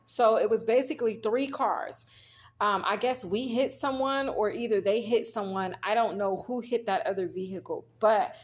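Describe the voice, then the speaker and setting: A woman's voice: mid-range voice, normal speed. A woman, casually telling a story while reading tarot cards, rambling and speaking straight to her viewers. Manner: rambling, talks straight to viewers, retells scenes quoting herself. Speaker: tarot reader.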